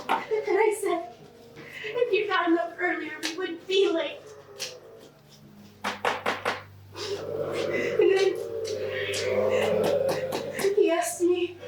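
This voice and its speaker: An actress playing a terrified, dazed young woman in shock, telling what happened in a halting, breathless way. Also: extremely high pitch. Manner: halting, breathless retelling that breaks into sobbing screams. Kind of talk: stage acting. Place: stage in a large echoey hall. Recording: distant, echoey, noisy stage recording.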